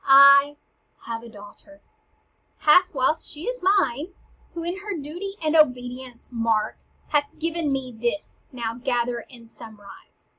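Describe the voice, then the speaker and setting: Young woman playing a sassy pompous old courtier, loud drawl, husky voice. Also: sits high, dull audio, full character voice. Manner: slow, loud, overblown delivery. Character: pompous rambling old courtier, male, full of sass.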